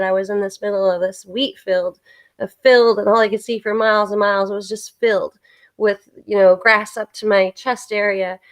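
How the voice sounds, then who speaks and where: A woman hosting a casual spiritual chat on a live stream, earnestly telling a long personal story. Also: medium pitch. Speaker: host.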